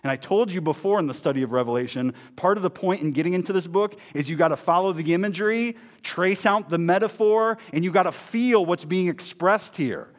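Dramatic preaching man, fairly high voice. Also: a little fast, few pauses. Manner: swings between emphatic proclaiming and hushed, low intensity; conversational, with asides and repeated words. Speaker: pastor. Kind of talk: sermon.

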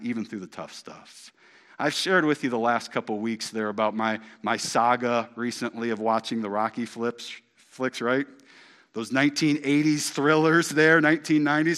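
Animated, emphatic middle-aged male preacher. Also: mid-range voice. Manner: animated and emphatic, with big swings from loud to hushed; repeats key phrases for emphasis. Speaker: pastor. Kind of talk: sermon.

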